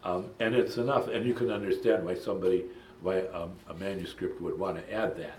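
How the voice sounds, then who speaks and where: A man's voice: sits low, fairly even intonation, brisk, a little hiss or hum. Man teaching a Bible study, echoey room. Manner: thoughtful and digressive, with frequent ums and asides. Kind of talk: lecture-style Bible study.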